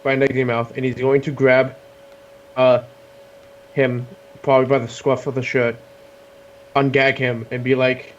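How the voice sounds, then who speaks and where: A man playing a tabletop game, talking eagerly and quickly jumping in. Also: mid-range voice, little pitch movement, dull audio, slight background noise. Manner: eager, talkative. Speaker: player. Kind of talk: casual tabletop play.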